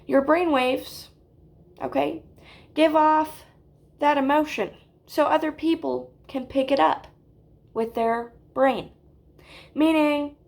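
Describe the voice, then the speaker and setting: A woman with a high voice delivers a mock spiritual lecture at an unhurried, drawn-out pace. She keeps it deadpan and keeps checking in with her listeners with "okay?". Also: vocal fry. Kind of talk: deadpan parody self-help lecture.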